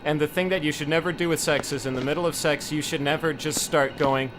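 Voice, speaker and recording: A man's voice: on the high side, steady tone, fast, few pauses. A young man co-hosting a livestream, telling rambling absurd stories in casual comedy banter. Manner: rambling absurd storytelling, giggly. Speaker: livestream co-host. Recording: loud background noise from gameplay.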